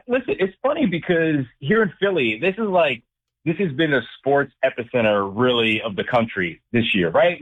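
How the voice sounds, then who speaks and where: A man who works as a sports director and anchor, a guest on a sports talk show, talking in an emphatic, animated way. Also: mid-range voice. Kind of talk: casual phone-in sports chat. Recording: tinny phone line.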